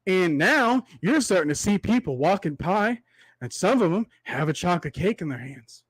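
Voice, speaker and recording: A young man with a high, light voice rants to his livestream viewers in a preachy monologue, dotting it with rhetorical asides. His voice is worn from talking for a long time. The sound is close and dry. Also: very animated, slightly rough, dry recording. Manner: preachy, repetitive rhetorical asides, drawn-out extended metaphor. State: voice tiring from long talk. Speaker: livestream host.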